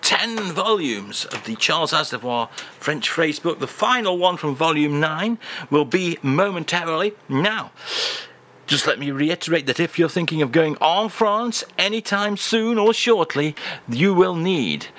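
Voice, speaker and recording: A man hosting a comic radio segment, rambling in a mock-pompous, deadpan way. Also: a little high, measured pace. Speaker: radio comedy host.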